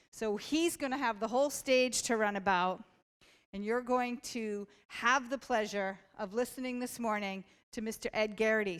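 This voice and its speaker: A woman's voice: mid-range voice, a bit bright, clear, resonant tone. A woman on the school staff giving a rousing, upbeat introduction to the students in an auditorium. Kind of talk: stage introduction. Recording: long hall reverb.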